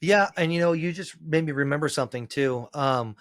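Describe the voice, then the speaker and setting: A man, a former pro wrestler, telling road stories in a casual podcast chat, cursing freely and rambling, climbing loud and high as he gets worked up. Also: brisk, dry recording. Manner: profane, rambling storyteller, gets loud and high when excited.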